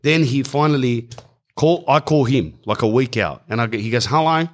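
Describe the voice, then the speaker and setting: A middle-aged man with an Australian accent telling a comic story in a casual, animated way, full of slang and asides to the audience. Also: mid-range voice, moderate pace. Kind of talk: stand-up storytelling.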